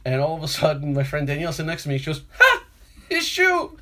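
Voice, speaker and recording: A man's voice: a little high, level tone, racing. New man, podcast co-host, rambling storyteller who acts out his quotes. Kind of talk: casual chat.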